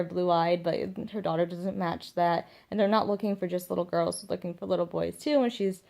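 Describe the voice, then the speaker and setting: A young mother vlogs about parenting, talking to the camera casually but earnestly and emphatically, repeating her points for stress. Her voice sits on the low side, gravelly and darkish.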